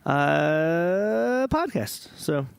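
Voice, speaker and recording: A man's voice: fairly high pitch, sing-song, drawn-out words, creaky, clean tone, dry recording. A man hosting a gaming podcast in casual chat, joking, rambling and swearing. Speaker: podcast host.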